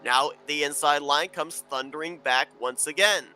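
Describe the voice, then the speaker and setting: Bright-voiced man calling a sim race. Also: on the high side, moderate pace, faint music behind. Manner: steady, informative, builds excitement on the close racing. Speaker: race commentator. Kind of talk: sim racing play-by-play commentary.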